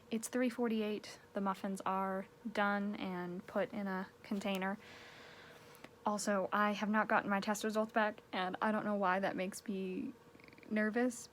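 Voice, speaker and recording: A woman's voice: mid-range voice, slight background noise. A young woman chatting casually in a daily vlog, rambling from topic to topic and sometimes getting worked up. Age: young adult. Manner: rambling, chatty, rising to exasperated rants. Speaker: vlogger.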